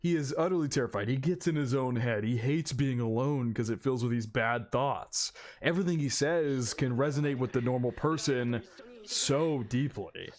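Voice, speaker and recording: A man's voice: mid-range voice, normal speed. Effusive man reacting to anime. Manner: effusive, emotional, swears freely. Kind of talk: casual reaction commentary.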